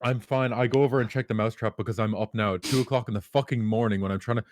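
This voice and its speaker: A young man, co-hosting a podcast and ranting excitedly with plenty of swearing. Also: mid-range voice, rapid-fire, no room sound. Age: young adult. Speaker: podcast co-host. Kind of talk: casual chat.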